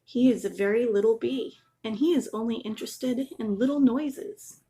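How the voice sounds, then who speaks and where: A woman voicing a wise old male groundhog who calmly explains things in a storybook reading. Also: a little high, moderate pace, natural voice. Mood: kindly wise.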